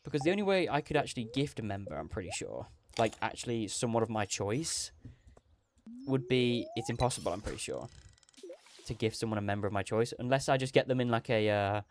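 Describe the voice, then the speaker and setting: A man's voice: medium pitch, lively intonation, a little fast, a little hiss or hum. A man hosting a gaming livestream, rambling casually, laughing often and correcting himself mid-sentence.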